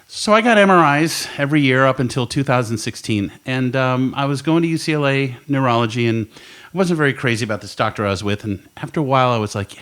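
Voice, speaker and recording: A man's voice: medium pitch, expressive, fast talker, a bit bright, clear, resonant tone. A man co-hosting a podcast in a studio, telling a long story in casual chat, swearing and laughing as he goes. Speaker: podcast co-host. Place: recording studio.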